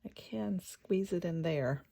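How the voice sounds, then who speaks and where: A woman talks slowly through her craft project in a casual vlog, thinking aloud as she goes. Her voice is gravelly and mellow, sitting a little low, and now and then she drops to a soft whisper to spell out letters. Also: a little hiss or hum. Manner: slow, chatty, thinking aloud while working. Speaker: craft channel host.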